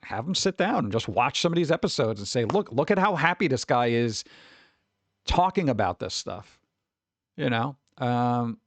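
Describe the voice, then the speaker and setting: Animated, profane man ranting. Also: medium pitch, normal speed, no room sound. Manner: animated, profane, acts out quoted voices. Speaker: streamer host. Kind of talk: casual ranting chat.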